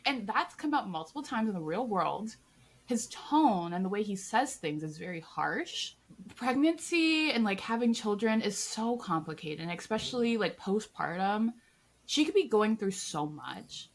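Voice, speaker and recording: A woman's voice: mid-range voice, normal speed. A woman co-hosting a podcast, chatting casually about a TV show and acting out quotes in different voices. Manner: animated, acts out quotes in varied voices. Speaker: podcast co-host. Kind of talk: casual TV review chat.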